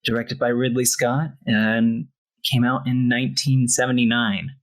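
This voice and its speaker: A woman's voice: a bass voice, fairly even intonation, a little slow. A woman co-hosting a podcast, chatting in an easygoing way with lots of fillers. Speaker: podcast co-host. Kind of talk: casual chat.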